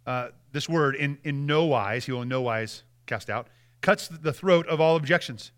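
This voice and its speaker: Bright-voiced male pastor preaching earnestly. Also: mid-range voice, moderate pace. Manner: earnest, with repeated restarts and dramatic drops in volume; reads quoted passages aloud with emphasis. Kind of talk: sermon.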